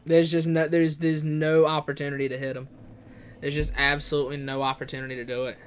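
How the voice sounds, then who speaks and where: A young man giving casual gameplay commentary, muttering in frustration, swearing, now and then shouting in outrage. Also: fairly high pitch, flat delivery, fairly quick, a little hiss or hum. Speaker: gamer playing a randomized action game. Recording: faint game music behind.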